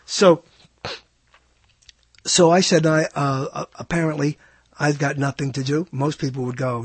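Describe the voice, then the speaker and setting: A man's voice: a little high, steady tone, normal speed, long pauses, breathy edge, dry recording. A man hosting a radio show, telling a rambling story in a monologue and putting on mock voices for the people in it.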